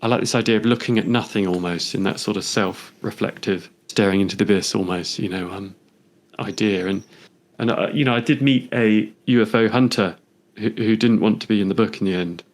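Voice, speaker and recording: A man's voice: fairly low pitch, a little fast. A man, a photographer, talking through his photobook in a reflective, meandering way, thinking aloud as he goes. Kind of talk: conversational interview.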